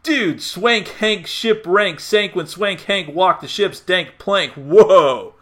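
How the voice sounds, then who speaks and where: A man putting on a gnarly surfer dude voice with a slow, laid-back drawl. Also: high-pitched, a bit bright, voice pushed up.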